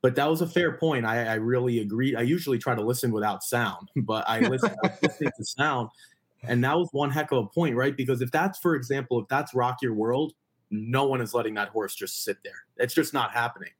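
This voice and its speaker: A man co-hosting a racing podcast, thinking through points in a thoughtful, halting casual chat. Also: medium pitch, breathy edge. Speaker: podcast co-host.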